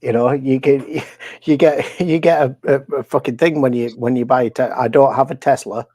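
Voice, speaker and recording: A man's voice: mid-range voice, steady tone, normal speed, a little mellow, no echo. A man from England with a Yorkshire accent, chatting as a guest on a live stream and rambling with fillers, restarts and swearing. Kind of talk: casual conversation.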